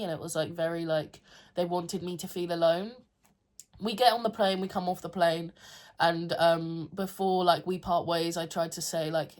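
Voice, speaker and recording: A woman's voice: on the low side, darkish tone. A young woman telling a personal story to camera in a chatty, filler-heavy way. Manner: chatty, frequent "like" fillers, emotional retelling. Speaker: vlogger.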